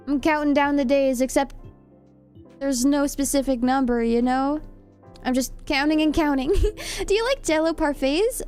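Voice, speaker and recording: A young woman streamer with a high, darkish voice chats casually with her viewers as she does her nails. She reads the chat aloud and giggles often.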